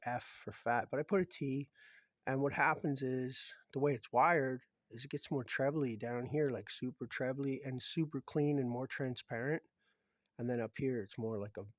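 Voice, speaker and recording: Rambling man showing off his gear. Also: no room sound. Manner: rambling, meandering, often trailing into low murmurs. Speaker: hobbyist showing his guitar pedals. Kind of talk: casual show-and-tell vlog.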